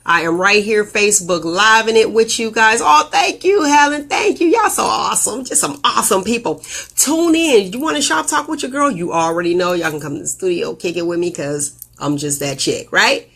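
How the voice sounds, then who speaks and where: A woman hosting a casual live video show, telling stories with animated, jumpy delivery and big leaps in pitch on quoted lines. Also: moderate pace, vocal fry. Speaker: host.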